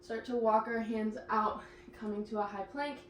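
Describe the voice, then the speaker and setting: Young woman pilates instructor, out of breath, higher voice, echoey room, mic a little far off. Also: steady tone, moderate pace, slight background noise. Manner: encouraging cues, breathless laughs while exercising. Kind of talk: instructing a workout class.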